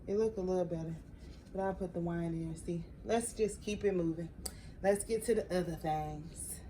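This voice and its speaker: Working through a craft project, a young adult woman keeps up chatty talk with her viewers, addressing them as "y'all" and reacting emotionally along the way. Her pitch is fairly low and her tone dark, captured in a low-quality recording with some hiss or hum.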